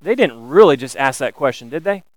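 A man preaching a sermon, animated and building to emphatic questions. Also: medium pitch, fairly quick, no room sound, poor audio. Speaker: pastor.

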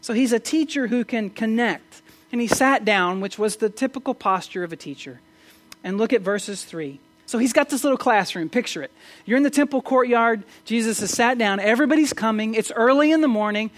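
A pastor giving a conversational Sunday-morning sermon in church, often asking rhetorical questions and stumbling into quick restarts. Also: mid-range voice, expressive. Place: church service.

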